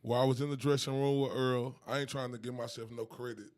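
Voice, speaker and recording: Lively laughing man cohost. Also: medium pitch, quick pace. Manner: animated, laughs a lot, colloquial Southern speech. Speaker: podcast co-host. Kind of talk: casual chat. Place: rooftop outdoors in downtown Dallas.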